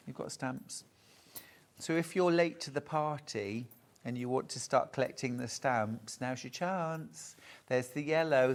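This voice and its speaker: A man presenting fabrics on a live sewing shopping show, chatty and enthusiastic, gushing over every print. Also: medium pitch. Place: television studio.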